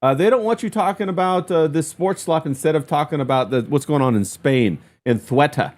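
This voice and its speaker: A man's voice: on the high side, a little fast, a little mellow. Chatty man hosting a stream. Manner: loose and chatty, lots of "uh" and "bro". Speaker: stream host. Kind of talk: casual livestream chat reading viewer comments.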